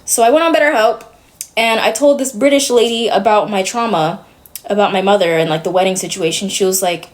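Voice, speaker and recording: A woman's voice: medium pitch, brisk, a little hiss or hum. Rambling young woman streamer. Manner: rambling, heavy "like" fillers, nervous laughs. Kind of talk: casual stream chat.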